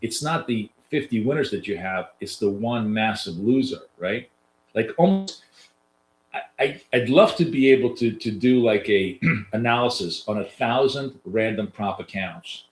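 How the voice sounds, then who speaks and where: A man's voice: fairly low pitch, expressive, measured pace, slight background noise. A man with a nasal voice, giving loose, chatty live trading commentary to viewers as a coach, with lots of fillers and restarts. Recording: roomy echo.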